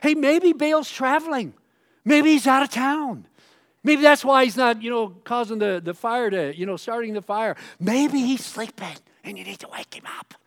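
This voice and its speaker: A sarcastic prophet throws loud, sneering taunts at his rivals, as a preacher puts him on. The voice is raised well above its usual pitch and carries a mocking lilt. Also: moderate pace, few pauses. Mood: taunting.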